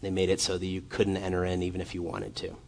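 A man preaching a sermon as a guest speaker, passionate and building from quiet to fervent, often repeating and restarting his words. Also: low voice, completely flat delivery, fast, gravelly.

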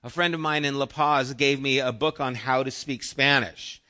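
A middle-aged man preaching a sermon as pastor, earnest and conversational, asking the room questions and letting phrases drop soft. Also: mid-range voice, fairly even intonation, normal speed.

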